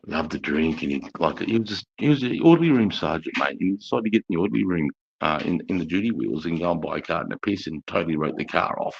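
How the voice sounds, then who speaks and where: A middle-aged Australian man telling rowdy army stories in a coarse, profane, animated way on a casual live stream. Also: low voice, fast, creaky, few pauses, slightly rough. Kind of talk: casual storytelling chat. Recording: dull lo-fi stream audio.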